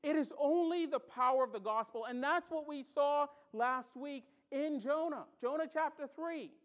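Preaching at a normal speed in a notably high voice, a male pastor gives an animated sermon. He tells stories and acts out reactions, veering from loud exclamations to quiet asides.

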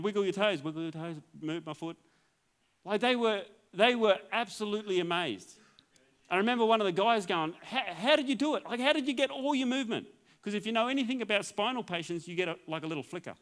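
A male pastor tells his testimony from the pulpit with a slightly high voice. He tells it as a story, acts out the dialogue and laughs often as he goes. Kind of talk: testimony sermon.

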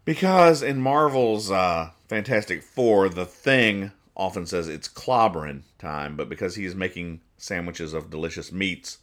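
A low-voiced man with a bright, forward tone, reading comic strips on a podcast. He explains each joke in a deadpan, rambling way with lots of fillers and restarts. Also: unhurried, few pauses. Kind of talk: casual comedic comic reading.

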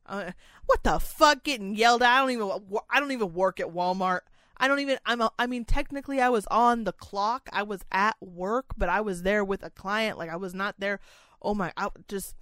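A woman co-hosting a casual chat. She tells a story in a profane, animated rant. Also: mid-range voice, normal speed, no room sound. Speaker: podcast co-host.

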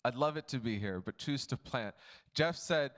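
A man's voice: mid-range voice, normal speed, a bit bright. A man pastor giving a casual, chatty talk to his church on a handheld mic, laughing often. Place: church building. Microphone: handheld microphone.

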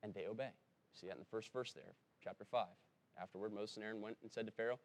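Speaking fairly quickly with a fairly low voice, this church pastor keeps his sermon conversational. Quotations push him into emphatic rises, and he occasionally pauses to fix what he just said.

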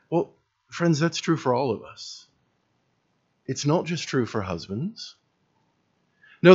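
A man preaching a sermon as pastor, earnest and building to emphatic peaks, with wry self-deprecating humor. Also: on the high side. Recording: dull lo-fi recording.

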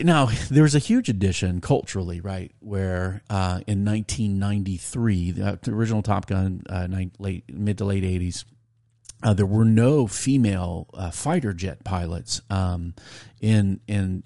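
A man's voice: sits low, creaky, mellow, no echo, clean studio sound. A middle-aged man, chatting casually and reviewing a movie with his son, rambling and often laughing. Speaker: podcast host, father.

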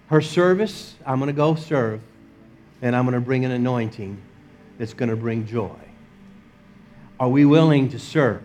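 Animated high-voiced male preacher. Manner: animated, acts out quotes, laughs often. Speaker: pastor. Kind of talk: sermon.

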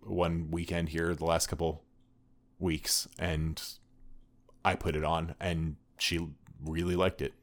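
A man with a very low voice, co-hosting a podcast in relaxed, casual conversation. He is dry and wry, with firm opinions, and often stops and restarts his thoughts. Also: takes it slowly. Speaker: podcast co-host. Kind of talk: casual chat.

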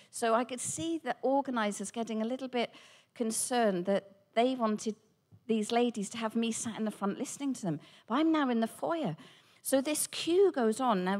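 A woman, a Christian speaker, telling a personal testimony with animated storytelling and acted-out dialogue. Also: fairly high pitch. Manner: animated, acts out quoted dialogue.

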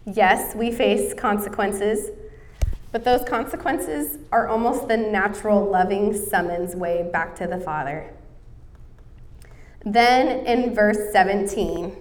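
A woman in her thirties gives an earnest sermon, weaving in a story from her own life. Her voice sits at a middle pitch and is picked up from a little distance away from the microphone. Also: measured pace. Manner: earnest, storytelling, coughing now and then. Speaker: preacher.

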